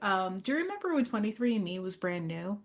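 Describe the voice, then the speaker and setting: A woman's voice: medium pitch, very animated, fast. A woman co-hosting a podcast, recapping a movie in a casual, chatty way with dry humor. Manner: wry, chatty. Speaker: podcast co-host.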